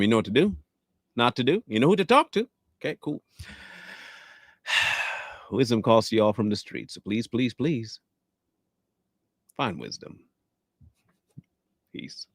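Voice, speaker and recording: Male host, low and lively, loose rambling chatter, dry close sound. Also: no room sound. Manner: rambling, repeats himself, chuckling. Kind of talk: casual livestream sign-off chat.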